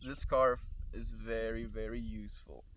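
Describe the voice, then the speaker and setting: A man's voice: on the low side, fairly even intonation, moderate pace, background noise. A man with a South African accent, musing aloud in a loose, thoughtful livestream monologue, recorded outdoors on a camera mic. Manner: musing, loose and thoughtful, drifting between ideas. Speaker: streamer. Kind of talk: casual reflective livestream monologue. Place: outdoors in the country.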